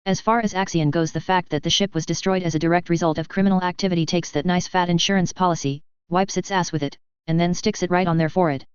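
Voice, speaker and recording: A woman's voice: lowish voice, steady tone, fast talker, few pauses, clear, resonant tone, no room sound, muffled recording, close to an everyday voice. A woman reading a foul-mouthed male ambassador. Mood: blunt. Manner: blunt, swearing.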